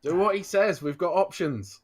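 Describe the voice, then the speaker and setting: A man playing a tabletop game, joking quickly with the other players. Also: sits high, expressive, noisy background. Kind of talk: casual tabletop game chat.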